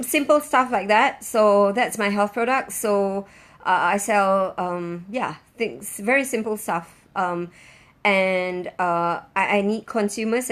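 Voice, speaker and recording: A woman who has not slept, chatting on a live stream in a bubbly, effusive way and squealing with excitement. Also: mid-range voice. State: sleepless. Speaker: online business owner. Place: in Singapore.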